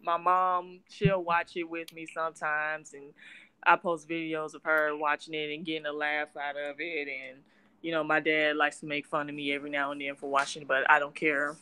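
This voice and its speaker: Mulher americana sulista, voz clara e brilhante. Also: female voice, low voice, little pitch movement, moderate pace, pushed and bright, clean tone. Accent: Southern US. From California, raised in Alabama. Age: 20s. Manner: blunt, swears freely. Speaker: podcast co-host. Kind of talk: casual chat.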